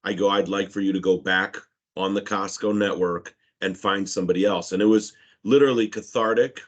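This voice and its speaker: A man's voice: sits low, steady tone, fairly quick. A man on a sales team video call, speaking candidly and with enthusiasm. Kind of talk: casual group video call.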